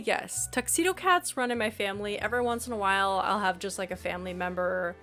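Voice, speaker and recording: A woman's voice: medium pitch, lively intonation, quick pace, few pauses, pushed and bright, soft background music. A congested woman streamer chatting casually with her viewers in a bubbly, chatty way. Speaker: live streamer. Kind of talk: casual live-stream chat reading viewer messages.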